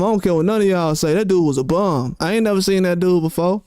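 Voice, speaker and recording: A man's voice: sits high, quick pace, a little mellow, clean tone, dry recording, studio quality. A man hosting boxing commentary, talking heatedly and repeating rhetorical questions.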